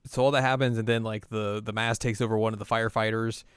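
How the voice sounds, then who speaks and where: A man's voice: fairly low pitch, little pitch movement, fast talker, clean tone, dry recording, clean studio sound. A man co-hosting a podcast, casually recapping an anime episode and slipping into playful voices for the characters. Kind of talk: casual chat.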